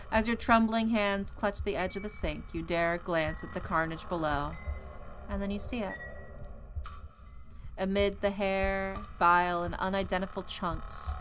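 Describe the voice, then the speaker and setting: A woman streaming a horror visual novel, reading its narration in a measured, atmospheric way with casual asides. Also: on the low side.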